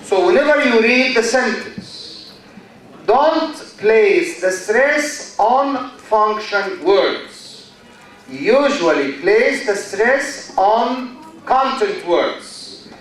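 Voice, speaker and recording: A man's voice: sits high, very animated, drawn-out words, fairly bright tone. A man with an Egyptian accent giving a university lecture in English, drawing out words for emphasis and repeating example sentences. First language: Arabic. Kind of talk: classroom lecture. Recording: echoey hall, mic far off.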